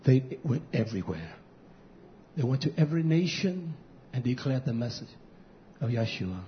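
Male pastor, sermon, shouting then hushed, repetitive emphatic cadence, lo-fi muffled recording. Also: medium pitch, expressive, normal speed, slight background noise. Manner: swings from shouting to hushed near-whispers. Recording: dull lo-fi recording.

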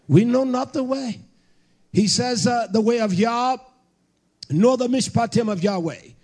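A man preaching a fiery sermon to a congregation, hollering and emphatic, with bursts of shouting. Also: very high voice, unhurried.

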